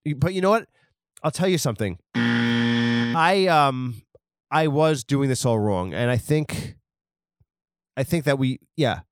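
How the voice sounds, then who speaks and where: A man's voice: medium pitch, lively intonation, slow, pauses often, no echo, clean studio sound. A man hosting a comedy podcast, riffing crudely and rambling on news headlines. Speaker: podcast host.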